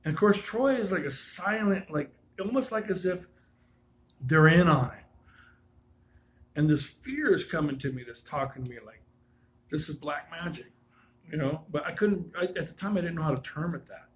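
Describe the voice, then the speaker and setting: A man's voice: a little high, animated, normal speed, slight background noise, poor audio. Rambling man telling a spooky story. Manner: rambling, loose, full of asides and restarts. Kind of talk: casual personal storytelling.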